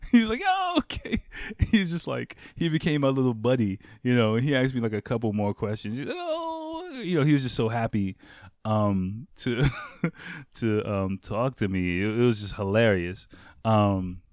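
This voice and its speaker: A man's voice: lowish voice, normal speed, darkish tone, no room sound, clean studio sound. A man from the United States telling a casual anecdote, laid-back and full of fillers, laughing often. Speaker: storyteller.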